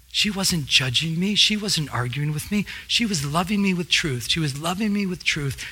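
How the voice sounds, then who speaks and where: A man's voice: fairly high pitch, pushed and bright, slightly rough. A male pastor preaching a sermon with fervor, repeating phrases for emphasis.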